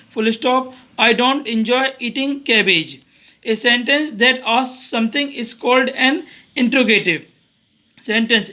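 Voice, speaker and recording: A man's voice: extremely high pitch, sharp tone. A male teacher going through a grammar revision lesson for young students, reading each example aloud and then explaining it simply.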